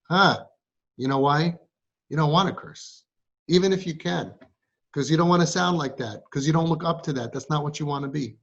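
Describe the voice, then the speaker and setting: His voice is a little high and a bit bright as he addresses a group of girls in a motivational talk before a live audience. Teasing them, he fires off rhetorical questions and hammers points home through emphatic repetition, captured in a dull lo-fi recording.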